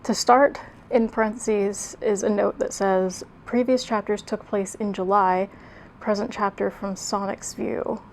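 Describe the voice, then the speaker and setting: A woman's voice: on the high side, a little mellow, a little hiss or hum. A young woman reading her old fan fiction aloud, mocking it with sarcastic, self-deprecating asides and laughing at herself. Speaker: video creator.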